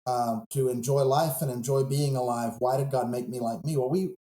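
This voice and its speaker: A pastor on a podcast, telling a Bible story in an earnest, reflective way. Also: male voice, medium pitch, steady tone, moderate pace, warm tone, reverberant, poor audio.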